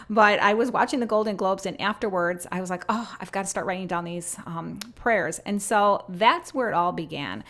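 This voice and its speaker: An earnest woman in her fifties sharing faith in a personal talk. She speaks at a middling pitch and turns slow and soft when she reads out her written passages. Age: 50s. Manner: earnest, slows down and softens when reading. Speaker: host sharing messages from prayer.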